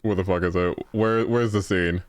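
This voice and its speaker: A man's voice: sits low, fairly even intonation, normal speed, dry recording. A man streaming a game live, chatting casually and laughing easily as he plays from his home setup on a desk microphone. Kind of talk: live game playthrough chat.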